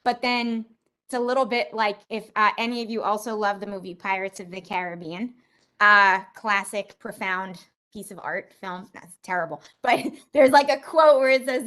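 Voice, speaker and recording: A woman's voice: mid-range voice, steady tone, normal speed, fairly bright tone. A woman facilitating an online community meeting, chatty and self-deprecating, talking over a video call.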